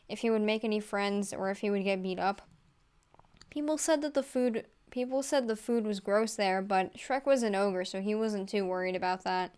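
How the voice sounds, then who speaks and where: Woman, comedic read-aloud, giggly, deadpan asides, smooth clear voice, mid pitch. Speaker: fan fiction reader.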